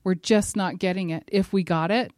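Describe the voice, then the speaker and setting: A middle-aged woman giving a devotional talk at a church gathering, earnest and emphatic, building to forceful exhortation. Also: on the low side, fairly even intonation, normal speed, no echo.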